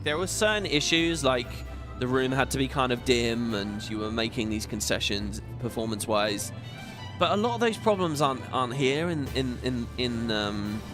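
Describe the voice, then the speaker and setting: A man hosting a gaming video, giving rambling, opinionated playthrough commentary. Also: mid-range voice. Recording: game music behind voice.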